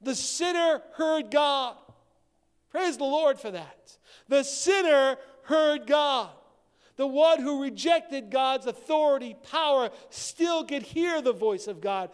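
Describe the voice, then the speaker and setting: A male pastor preaching a sermon, swinging from shouted declarations to hushed, low passages. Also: expressive, slow. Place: church sanctuary. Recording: long church-hall reverb.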